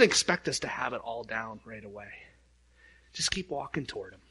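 A man's voice: medium pitch, sing-song, brisk, a bit bright, slightly rough. A man preaching a sermon as pastor, casual and conversational, telling stories with many restarts and fillers.

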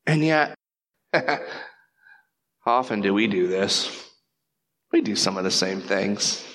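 A pastor preaching a sermon, telling a story in an animated way and slipping into quick voices. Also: male voice, fairly low pitch.

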